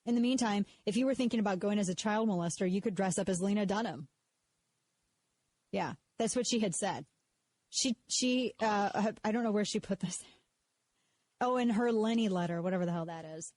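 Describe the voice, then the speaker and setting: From a radio studio, a woman hosts a live talk show in a mid-range, darkish voice at normal speed. She is casual and sarcastic, mocking others in put-on voices, and keeps interrupting herself, repeating words as she restarts sentences.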